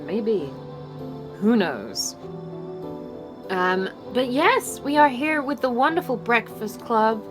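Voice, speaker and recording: Woman, game master, casual giggly chat, unhurried delivery, bouncy pitch. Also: very animated, music in the background. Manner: giggly, laughs often while talking.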